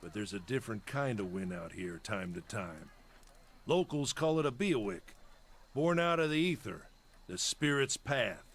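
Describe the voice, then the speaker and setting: An actor playing a gruff, practical middle-aged caravan leader in a video game, who speaks in terse, matter-of-fact lines with a weathered, folksy drawl. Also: male voice, on the low side, animated, a little slow. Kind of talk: voiced video game dialogue.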